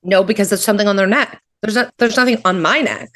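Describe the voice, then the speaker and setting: A woman's voice: mid-range voice, fast talker, a bit bright. A woman comedian from Canada in casual comedic chat, candid and laughing, with lots of fillers. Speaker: comedian guest.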